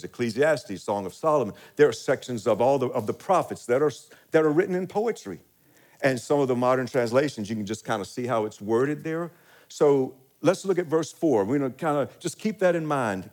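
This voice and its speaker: A male pastor preaching a sermon, laughing often and reading scripture slowly and deliberately. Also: mid-range voice, darkish tone.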